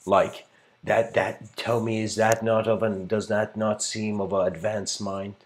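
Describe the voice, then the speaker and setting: Low-ish guy lecturing on a livestream, rambly and earnest, lots of fillers. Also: level tone, unhurried, a little hiss or hum. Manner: rambling, filled with "you know" and "like"; earnest, searching for words.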